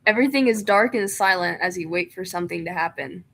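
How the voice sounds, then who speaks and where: A woman's voice: on the low side, quick pace, a bit bright. A young woman streaming a game, chatting casually, laughing often and reading game text aloud. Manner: giggly, reads chat and game text aloud.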